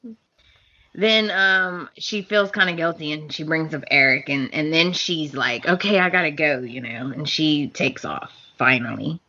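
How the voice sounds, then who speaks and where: A woman retelling soap opera scenes in a relaxed podcast chat, slipping into the characters' lines as she goes. Her voice is bright and a little low, and she takes her time. The recording sounds slightly dull. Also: unhurried. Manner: animated storyteller, acts out scene quotes with laughs. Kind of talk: casual chat.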